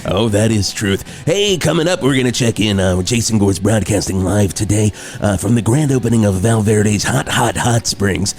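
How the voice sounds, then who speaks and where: A man's voice: fairly low pitch, moderate pace, few pauses, close to an everyday voice. A man playing a cheesy morning rock radio host who rambles through his show patter. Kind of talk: improvised comedy.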